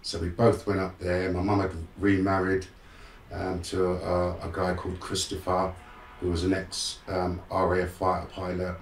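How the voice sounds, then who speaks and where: Man, low gravelly voice, frank streetwise storytelling, echoey room, distant mic, faint hiss. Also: normal speed. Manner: frank, streetwise, animated in re-enacted moments. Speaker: guest, motivational speaker. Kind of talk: candid personal storytelling.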